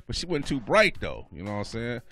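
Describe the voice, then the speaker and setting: Slangy stand-up comedian on radio. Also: male voice, medium pitch, wildly swooping pitch, fairly quick, a bit bright. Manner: loose, slangy storytelling with laughs. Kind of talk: stand-up bit on a radio show.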